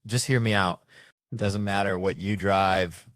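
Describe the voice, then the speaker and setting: Guy doing stand-up, rambling musing bit, lowish voice, dry close sound. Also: fairly even intonation, measured pace, a bit bright, no echo. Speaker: stand-up comedian. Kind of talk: stand-up storytelling.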